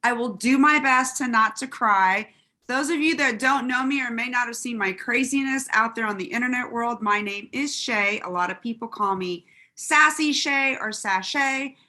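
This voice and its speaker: A woman, telling her story on a group call in a sassy, animated, self-mocking way. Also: a little high, normal speed. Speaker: guest sharing testimony. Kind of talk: lively call testimony.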